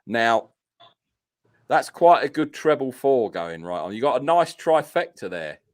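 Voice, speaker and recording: A man hosting a podcast who chats with his guest in a relaxed, wry, somewhat hesitant way. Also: mid-range voice, unhurried. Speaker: podcast host. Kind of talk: casual interview chat.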